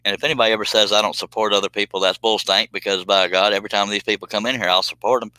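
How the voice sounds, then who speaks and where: A man's voice: on the low side, level tone, very fast, sharp tone, no echo, low-quality recording. A man, hosting a casual live stream and reading chat messages aloud in a folksy, drawling way.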